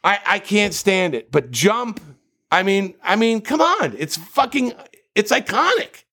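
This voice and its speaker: A man from New Jersey telling stories in casual podcast chat, profane and animated. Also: high voice, unhurried. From New Jersey, USA.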